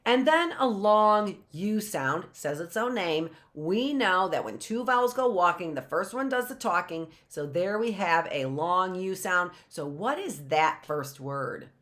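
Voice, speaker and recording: Slow, animated woman teaching phonics. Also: on the low side. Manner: sounds out words slowly, repeating them, with playful asides. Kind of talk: phonics lesson for live online class.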